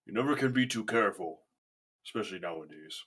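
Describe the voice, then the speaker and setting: A man's voice: lowish voice, animated, fast, fairly bright tone, husky. A man voicing an older male dwarf toymaker who is fond of children and cool toward adults, speaking in a polite, old-fashioned way. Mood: gentle.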